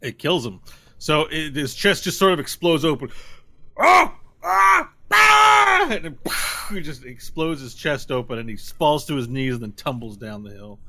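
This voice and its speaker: A man's voice: medium pitch, normal speed, a bit bright, no echo. A man narrating as game master of a tabletop game in a casual, easygoing way, with frequent fillers and easy laughter.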